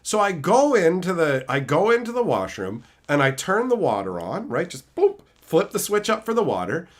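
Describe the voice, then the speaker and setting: A man streaming, answering his chat and telling stories in a loud, profane, laugh-filled way. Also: on the high side, normal speed. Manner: animated, profane storytelling with frequent laughter. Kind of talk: casual livestream chat.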